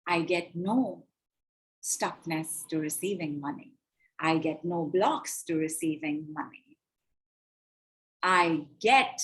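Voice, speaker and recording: Slow-chanting woman leading money affirmations. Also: fairly low pitch. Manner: slow, chanting repetitions with breath cues. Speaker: spiritual money coach. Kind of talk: guided affirmation session on a call.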